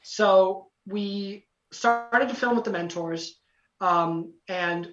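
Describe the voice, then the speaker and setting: A man's voice: sits high, drawn-out words. Young guy on a podcast telling a story, imitates everyone, says you know a lot, sounds far off in an echoey room, kinda muffled. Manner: animated, acts out quotes, frequent "you know" fillers. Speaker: podcast guest, former singing contestant. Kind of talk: casual storytelling. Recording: roomy, distant, dull lo-fi sound.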